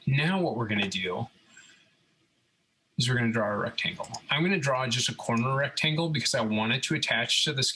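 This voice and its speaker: Step by step and at ease, a robotics instructor explains a CAD design on his screen, asking "okay?" again and again to check on listeners. His voice is mid-range and slightly rough, captured in a rough recording.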